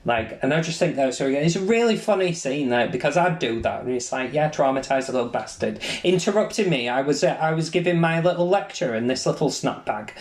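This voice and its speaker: Animated swearing podcast host. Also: male voice, fairly high pitch, brisk, hardly any pauses. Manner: animated, swears freely, acts out film quotes. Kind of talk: casual chat. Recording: echoey room.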